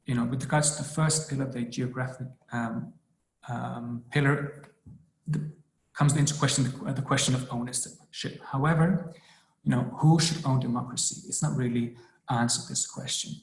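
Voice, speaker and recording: A man's voice: medium pitch, steady tone, normal speed, reverberant, rough recording. Hesitant man presenting over a webinar. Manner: hesitant, many ums and restarts. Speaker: policy researcher presenting a brief. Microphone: video call.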